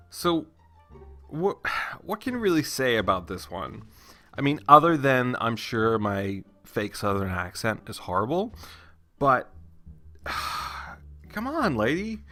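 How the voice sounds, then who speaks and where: A man hosting a story channel, reading online stories aloud with expressive, exasperated asides. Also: medium pitch.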